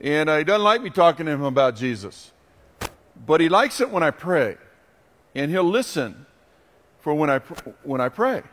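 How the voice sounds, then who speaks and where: A man preaching a sermon as pastor, telling a story with passion and building to loud, emphatic peaks. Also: a little high, big pitch swings, normal speed, pauses often. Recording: long hall reverb.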